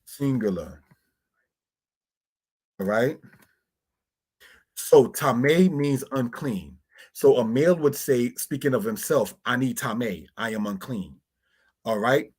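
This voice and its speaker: A man teaching Hebrew words from slides, slowly spelling out terms and often calling his listeners brothers and sisters. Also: mid-range voice, darkish tone, slightly rough. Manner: slow, deliberate spelling-out of words.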